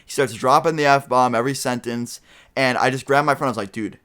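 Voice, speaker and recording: A man's voice: medium pitch, steady tone, brisk, a bit bright, smooth. A young man vlogging a casual storytime, rambling and swearing freely as he retells events to his viewers.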